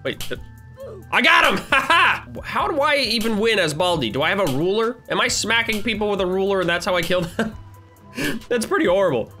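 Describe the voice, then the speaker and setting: Excitable, giggly man gaming. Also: high-pitched, brisk, soft background music. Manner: excitable, giggly, playful taunting. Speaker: gaming channel host. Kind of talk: gameplay commentary.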